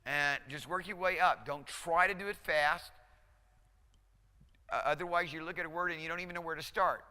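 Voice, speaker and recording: A male instructor lecturing a class, encouraging and conversational, drilling pronunciation slowly, syllable by syllable. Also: on the high side, fairly even intonation, sharp tone, clear, resonant tone. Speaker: Hebrew instructor. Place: lecture hall. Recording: lecture hall reverb.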